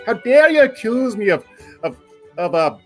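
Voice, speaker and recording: Hammy put-on Irish jokester, a man doing it, raised pitch, playful. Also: big pitch swings, normal speed, soft background music, low-quality recording. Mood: jovial. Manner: exaggerated, teasing, greets viewers by name. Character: jolly mock-Irish man, hammy and festive. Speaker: livestream host.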